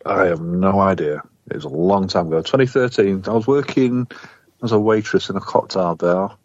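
A man co-hosting a comedy podcast, making jokey asides in a deadpan way. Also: sits low, moderate pace, dry recording, muffled recording. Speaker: podcast co-host. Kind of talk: casual comedy chat.

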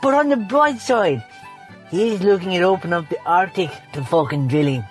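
A man's voice: high-pitched, lively intonation, normal speed. Comic character: man putting on a foul-mouthed, ranting grump, voice lurching up and down, faint music underneath. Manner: profane, ranting, mocking. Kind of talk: comedic character rant.

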